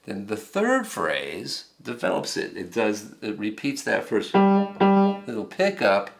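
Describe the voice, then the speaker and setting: Gravelly-voiced man teaching songwriting. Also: on the low side, huge pitch swings, slow pace, music in the background. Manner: conversational, explains with examples. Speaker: songwriting instructor. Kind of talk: lecture with piano demonstrations.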